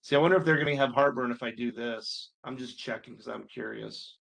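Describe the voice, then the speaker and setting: A man's voice: mid-range voice, a little fast, vocal fry, a bit bright. A man teaching accounting, talking casually through a homework walkthrough, thinking aloud and sounding mildly exasperated at times. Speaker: accounting instructor. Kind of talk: screen-recorded homework walkthrough.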